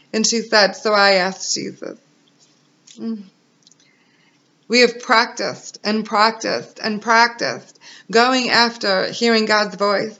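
A woman's voice: mid-range voice, fairly even intonation, slow pace, bright, forceful tone. A woman in her thirties sharing an emotional personal faith testimony as a mother, earnest and encouraging. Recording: dull lo-fi recording.

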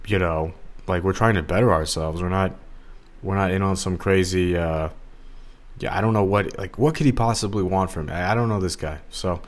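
Here a low-pitched man with fairly even intonation hosts a solo podcast at a moderate pace. Originally from the Los Angeles area, he rambles in a relaxed, digressive way with plenty of filler words.

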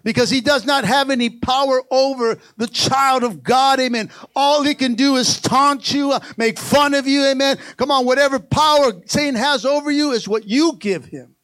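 High-pitched male pastor, energetic sermon, dry close sound. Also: moderate pace, hardly any pauses, dry recording. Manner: animated preaching, repeatedly calls out to the congregation.

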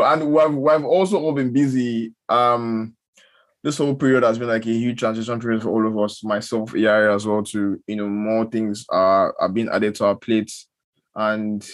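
A young man with a Nigerian accent co-hosting a podcast in casual, rambling, self-deprecating chat. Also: lowish voice. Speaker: podcast co-host.

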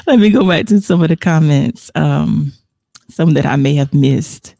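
A woman's voice: lowish voice, sing-song, measured pace, creaky, mellow, no echo, clean studio sound. A woman hosting a casual faith livestream, reflecting aloud and reading viewer comments, laughing often between remarks. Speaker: livestream host.

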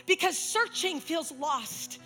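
A woman preaching a sermon with passion, sinking to a soft hush when she retells a story. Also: extremely high pitch, animated, slow, faint music behind. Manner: impassioned, dropping to a soft hush for dramatic retellings. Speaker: speaker. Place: church.

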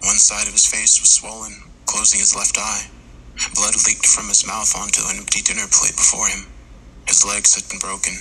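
A man narrating a horror story in the first person with a steady, grim delivery. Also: fairly low pitch, normal speed, slight background noise, rough recording. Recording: loud music underneath.

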